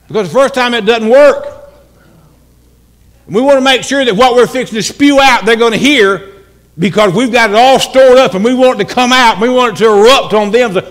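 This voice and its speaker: Lively high-voiced preacher. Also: male voice, a little fast, long pauses. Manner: animated, dramatic preaching with shouted calls and humorous asides. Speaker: pastor. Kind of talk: sermon. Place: church sanctuary.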